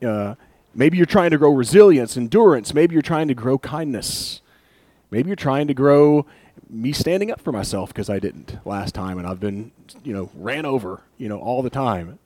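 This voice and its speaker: A man's voice: mid-range voice, normal speed, dry recording. Conversational male preacher, dry close sound. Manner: conversational, animated storytelling with rising emphasis. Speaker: pastor. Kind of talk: sermon.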